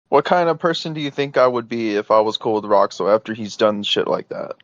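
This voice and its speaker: A man's voice: on the low side, lively intonation, a little fast, no echo. A man on a heated private voice call, talking in an insistent, exasperated way, full of "like" and "you know", on dull lo-fi audio. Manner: insistent, exasperated, filler-heavy.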